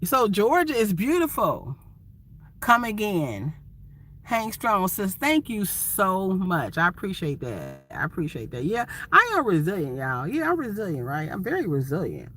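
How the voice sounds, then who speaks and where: A woman's voice: medium pitch, sing-song, measured pace, a bit bright, a little hiss or hum. A woman from Ohio, a van-life vlogger chatting casually and expressively with viewers on a phone livestream. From Ohio, USA.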